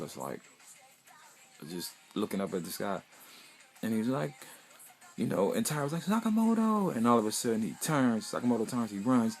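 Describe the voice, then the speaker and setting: A man's voice: on the low side, a little mellow. A young man casually recapping an anime episode in a loose, rambling, profane way, full of "you know" fillers.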